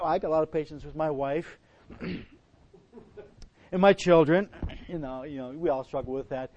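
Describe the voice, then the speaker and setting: A middle-aged pastor with a notably high voice preaches in a homely, meandering way, often stopping and restarting his sentences. The sound is muffled and lo-fi. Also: expressive, normal speed, long pauses, a little mellow. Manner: folksy, rambling, frequent restarts. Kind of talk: sermon with personal story. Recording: dull lo-fi recording.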